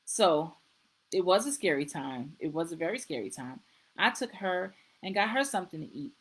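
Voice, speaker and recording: A woman's voice: fairly low pitch, animated, normal speed, slightly rough, rough recording. A middle-aged woman, a nurse practitioner, hosting a casual live-stream talk, earnest and repeating herself as she goes. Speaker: host.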